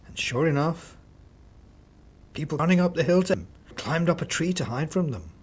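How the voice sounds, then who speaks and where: A man narrating a children's story expressively, with dramatic pauses. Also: on the high side, animated, husky.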